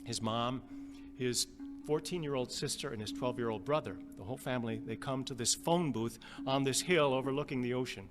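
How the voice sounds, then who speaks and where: A male pastor from the Upper Midwest, telling a story in a sermon in a gentle, halting way and repeating phrases. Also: mid-range voice. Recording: long reverb with guitar music behind.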